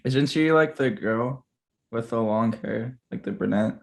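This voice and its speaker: A man hosts a podcast over a video call in casual, rambling chat, often stumbling and restarting his words. His mid-range voice is gravelly and darkish, and he takes his time.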